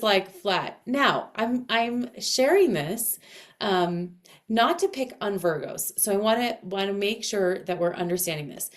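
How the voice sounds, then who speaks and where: A woman teaching casually to camera in a dense, heavy voice, speaking expressively with clear inflection. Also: medium pitch, expressive, measured pace. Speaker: astrology and voice coach.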